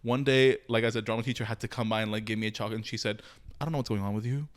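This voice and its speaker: A man's voice: lowish voice, very fast. A young man in his twenties, an interview guest speaking candidly and animatedly about his own experiences, with frequent fillers. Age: 20s. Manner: open, animated storytelling with frequent fillers and laughs. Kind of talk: candid personal conversation.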